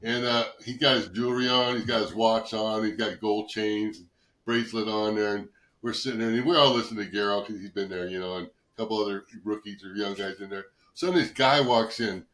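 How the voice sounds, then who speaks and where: Older male guest, rambling storyteller, bright forceful voice, roomy echo. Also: on the low side, fairly even intonation, fairly quick. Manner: rambling anecdotes, swears, acts out quoted voices. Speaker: guest, former football player. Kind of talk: casual storytelling interview.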